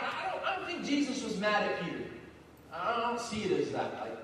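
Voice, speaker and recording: A high-voiced male pastor delivering a fervent, repetitive sermon full of rallying calls. He sounds distant and boomy, as if recorded from far back in a large reverberant hall. Soft music plays behind him. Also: huge pitch swings, moderate pace, slight background noise. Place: church sanctuary.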